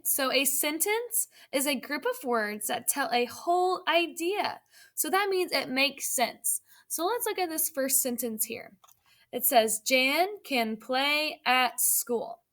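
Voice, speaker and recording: A woman teaching an online grammar lesson to young children, speaking slowly and clearly with encouragement. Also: sits high, a bit bright. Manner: slow, clear and encouraging, reading sentences aloud.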